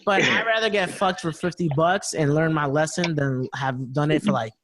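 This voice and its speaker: A man's voice: a little high, normal speed, heavy background noise. A man co-hosting a casual podcast chat, telling a story in loose slang and acting out both sides of a conversation. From United States. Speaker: podcast co-host.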